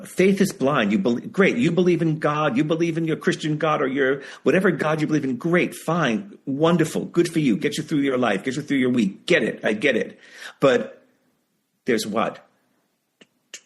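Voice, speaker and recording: A man being interviewed over a video call, telling stories in an animated, emphatic way and repeating phrases for effect. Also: medium pitch. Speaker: memoir author guest. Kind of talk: casual interview storytelling.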